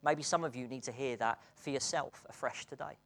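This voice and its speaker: A British preacher gives an earnest sermon, shifting between hushed and excited passages and laughing between points. He speaks fairly quickly in a mid-range voice.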